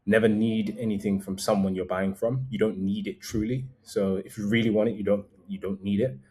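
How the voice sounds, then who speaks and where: A man's voice: lowish voice, flat delivery, fairly quick, darkish tone. A man vlogging casual travel advice in a conversational, meandering way, often correcting himself mid-sentence.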